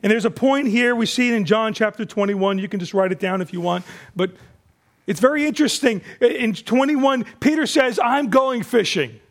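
A man preaching a sermon, animated, acting out the disciples' voices and dropping to a hushed, slow voice for emphasis. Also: sits high. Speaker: pastor.

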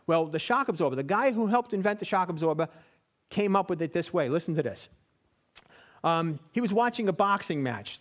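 A man teaching a Bible study in a chatty, conversational way, often checking in with his listeners. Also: high voice.

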